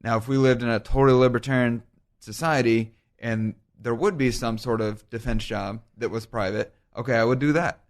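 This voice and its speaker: A man talking as a guest on a podcast in a measured, reflective way during a casual political discussion. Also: mid-range voice, fairly even intonation.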